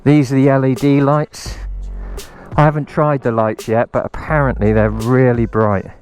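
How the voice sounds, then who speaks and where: A man's voice: mid-range voice, little pitch movement, moderate pace, a little mellow, soft background music. A man giving a casual, enthusiastic motorbike review outdoors on a hilltop, rambling with many ums. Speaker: motorcycle vlogger.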